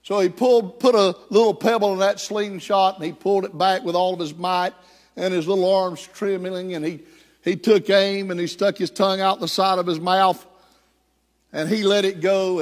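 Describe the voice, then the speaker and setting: A man's voice: high voice, fairly even intonation, moderate pace. A male pastor telling a story and then preaching and praying in a sermon. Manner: storytelling, then fervent and prayerful. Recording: echoey hall.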